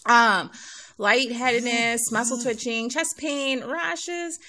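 A woman's voice: fairly high pitch, slow pace, crowd noise. A middle-aged woman talking casually to her viewers, rambling, sighing often and laughing between points, audibly out of breath as she speaks. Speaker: YouTube nail artist. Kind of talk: casual talk to camera.

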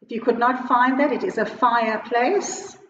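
A South African woman teacher giving a slow, clear lesson, switching between Afrikaans and English as she explains words and a short poem. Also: on the high side, slight background noise. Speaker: primary school teacher. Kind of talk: recorded online Afrikaans lesson. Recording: echoey, muffled home video recording.

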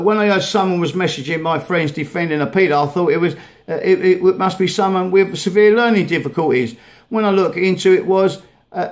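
A vlogger ranting angrily while playing clips of videos, swearing heavily and stumbling over repeated words. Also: male voice, sits high. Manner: swears heavily, halting and repetitive. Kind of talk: angry rant over played videos.

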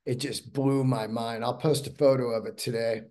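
A man's voice: mid-range voice, steady tone, moderate pace, darkish tone. A man hosting his own podcast solo, rambling along in a casual, profane, enthusiastic way. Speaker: podcast host.

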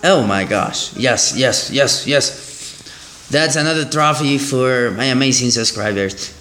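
A man giving excitable let's play commentary as a gaming channel host, exclaiming and repeating himself. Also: medium pitch, slow, faint music behind. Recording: roomy echo.

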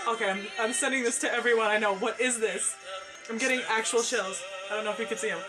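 A woman's voice: a little high, fast, over loud music. A woman gushing in breathless exclamations while reacting to a video. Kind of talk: reaction vlog commentary.

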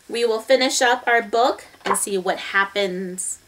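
A woman's voice: mid-range voice, measured pace, slight background noise. A woman reading a children's story aloud, talking to her young listeners as friends. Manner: warm, expressive, addresses listeners as friends.

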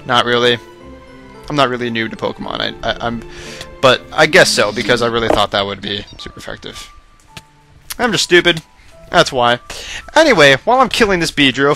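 A young man rambling casually over his gameplay footage, self-mocking and prone to excited outbursts, his voice tiring late at night. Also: on the high side. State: voice going hoarse late at night. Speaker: let's play host.

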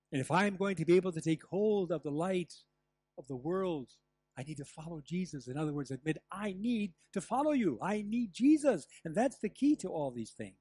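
An older man preaching a sermon as pastor, telling stories with lively asides and the odd laugh. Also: a little high, dry recording. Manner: animated storytelling with asides and laughs. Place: church.

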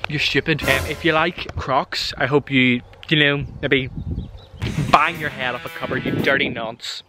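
A man's voice: mid-range voice, steady tone, unhurried. A young man talking in a casual vlog, giving playful, exaggerated rants full of jokes. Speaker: vlogger. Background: background music.

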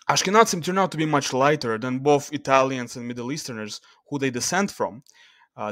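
A man talking through charts in a casual screen-share video, loose and halting, with restarts and fillers as he reads the numbers. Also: medium pitch, dry recording, clean studio sound. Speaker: video creator.

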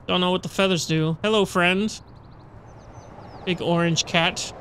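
Unhurried, bright-voiced, foul-mouthed gamer talking over play. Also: medium pitch, fairly even intonation, a little hiss or hum. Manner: chatty, swears freely, with loud frustrated outbursts. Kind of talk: casual gameplay commentary.

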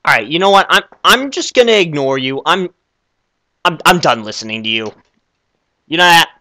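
A young man hosting a comedic game skit, excitable and easily flustered, stammering often. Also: fairly high pitch, moderate pace, no echo. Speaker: video creator.

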